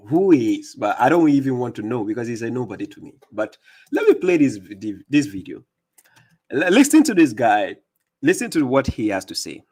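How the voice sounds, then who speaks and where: A man's voice: mid-range voice, darkish tone. Emphatic accented man hosting a livestream. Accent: non-native English accent. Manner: emphatic, repeats words, answers viewers by name. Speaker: livestream host. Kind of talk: live-stream commentary reading chat.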